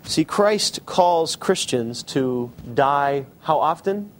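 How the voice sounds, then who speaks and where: A man preaching a sermon, asking the congregation direct questions and slowing down for emphasis. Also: on the high side, animated, slight background noise. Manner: shifts between quick asides and slow emphasis. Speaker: pastor.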